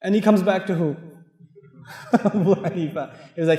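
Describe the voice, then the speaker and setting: Guy with a high voice giving a funny animated sermon, big hall echo all around. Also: normal speed. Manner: animated, humorous, acts out quoted voices. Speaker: Islamic lecturer. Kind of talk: sermon with storytelling. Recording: echoey hall with long reverb.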